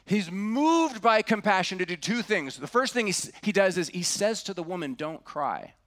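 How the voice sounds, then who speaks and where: A middle-aged man preaches a sermon with a notably high voice. He speaks earnestly and drops to a hush to stress key words. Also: expressive, moderate pace. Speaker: pastor.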